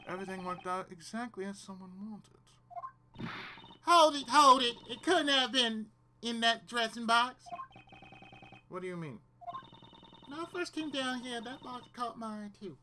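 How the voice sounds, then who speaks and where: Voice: mid-range voice, noisy background. A streamer with loose, rambling gameplay commentary who reads the game's dialogue aloud. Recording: game music playing behind.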